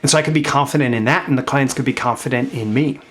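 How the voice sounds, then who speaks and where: A man, host of his own channel, giving a casual motivational talk about mindset and business, speaking conversationally with many fillers and restarts, rising in pitch on key points. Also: fast talker, a bit bright. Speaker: marketing coach and host.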